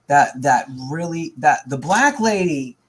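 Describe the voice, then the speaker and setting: A woman's voice: deep voice, animated, slow pace, slight background noise. A woman, a mother, bluntly telling a heated story in casual chat at home, with some swearing.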